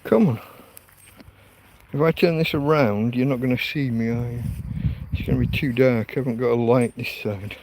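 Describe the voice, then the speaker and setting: A man's voice: medium pitch, moderate pace, long pauses, a little mellow, a little hiss or hum. A man, hosting a casual livestream from a tent in a field, talking to his dog in an exasperated, sweary way. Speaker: livestream host. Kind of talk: casual night-time livestream chat.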